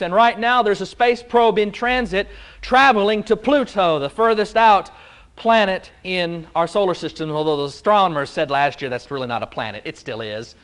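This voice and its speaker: A male pastor preaching a conversational, playful sermon to a live congregation, quizzing them as he goes. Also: high-pitched. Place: church before a live congregation.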